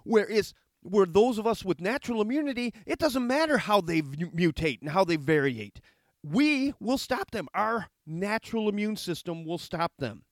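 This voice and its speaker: A man's voice: high voice, animated, normal speed, no echo, studio quality. A middle-aged man giving a heated, argumentative monologue, reading out a letter and rebutting it with sarcasm. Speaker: commentator reacting to a letter.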